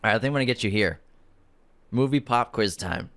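A man co-hosting a movie podcast, chatting casually and teasing his co-host, with quick bursts of laughter. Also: on the low side, animated, a bit bright. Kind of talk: casual chat and ad reads.

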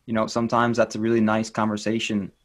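Earnest low-voiced man, gently encouraging. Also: completely flat delivery, quick pace. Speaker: inner child life coach. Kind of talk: interview guest, reflective talk.

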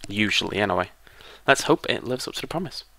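A British man giving joking, excitable gameplay commentary as a let's play host, shouting at the game. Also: on the low side, fast, gravelly, no room sound.

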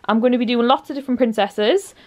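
A woman's voice: on the high side, fast talker. A young woman chatting casually to camera at home in a bubbly way, with lots of fillers. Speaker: vlogger. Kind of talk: casual vlog chat. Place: at home indoors.

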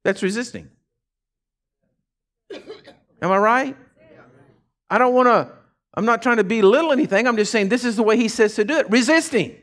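A man preaching a folksy, animated sermon as pastor of a church. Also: very high-pitched. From Texas.

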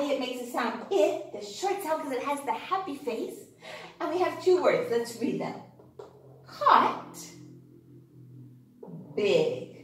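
A woman teaching young children a phonics lesson, animated and sing-song, gasping with wonder and cheering them on. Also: sits high, heavy reverb, recorded from a distance. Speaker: kindergarten teacher.

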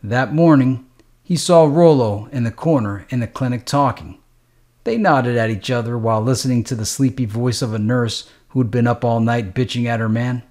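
A man's voice: medium pitch, moderate pace, a little mellow. A man narrating a gritty street novel in a streetwise, matter-of-fact, profane way. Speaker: audiobook narrator.

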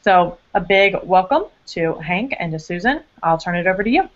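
Brisk woman hosting a webcast. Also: fairly low pitch, expressive, highs cut off. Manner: brisk, informative, a few fillers. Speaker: event host. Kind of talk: event announcements.

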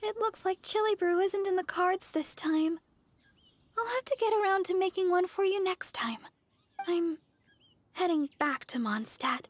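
A woman voicing a sweet young female deaconess healer, gentle and hesitant, in game character dialogue. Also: very high voice, measured pace.

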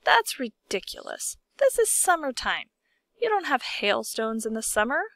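A woman voicing a brash, boastful male centipede in a storybook reading, loud and mocking. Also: fairly high pitch, big pitch swings, a little slow, dry recording, full character voice. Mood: scoffing. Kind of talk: storybook character voice.

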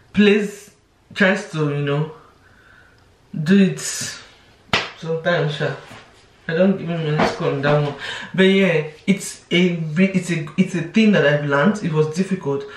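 A young woman, chatting casually to camera as a vlogger. She restarts her sentences often and slips into quoted voices. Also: low-pitched. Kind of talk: casual confessional chat to camera. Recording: roomy, voice from a distance.

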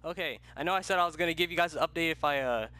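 A young man doing let's play commentary from home, rambling, with loud yelled outbursts. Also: a little high, very fast, noisy background. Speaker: gaming YouTuber. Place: home room.

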